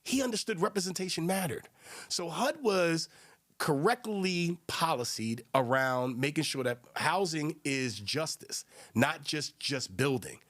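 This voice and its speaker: Animated man hosting a podcast. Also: fairly high pitch, a little slow. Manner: emphatic, conversational, asks listeners rhetorical questions. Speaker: podcast host. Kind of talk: solo podcast commentary.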